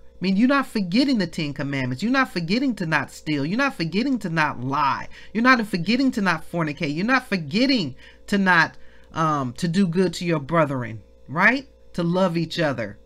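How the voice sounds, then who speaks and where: A woman teaching a Bible devotional, exclaiming, repeating phrases and asking her listeners questions. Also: on the low side. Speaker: ministry leader teaching scripture.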